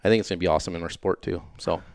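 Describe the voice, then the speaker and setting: A middle-aged man talks as a podcast guest in a low, smooth, resonant voice. His delivery is relaxed and loose, with easy laughs and trailing fillers. The recording is dry and close. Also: rapid-fire, no room sound. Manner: laid-back, laughs easily, trails off with fillers. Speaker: podcast guest, off-road racer and team owner. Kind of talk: casual chat.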